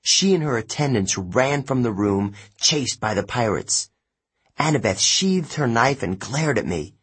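A man reads a first-person audiobook in a slow, measured way. His voice is husky and breathy, and his pitch moves lively through each sentence. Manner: expressive, unhurried. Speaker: audiobook narrator.

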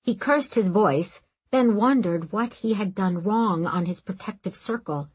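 A woman narrates a fantasy audiobook in a calm, even storytelling voice. Her tone is husky and breathy, at a middle pitch. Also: unhurried, poor audio. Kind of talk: scripted narration.

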